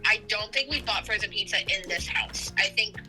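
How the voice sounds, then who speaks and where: Over music in a rough recording, a young woman married to a streamer makes casual conversation with her spouse at a moderate pace. Her voice is medium-pitched, and her talk is rambling and hesitant, packed with fillers.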